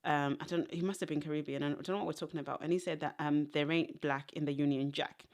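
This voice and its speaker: This deep-voiced young Zimbabwean woman keeps a steady tone and a fast pace. As a guest on a podcast, she chats casually, drifting from one story to the next with frequent bursts of laughter.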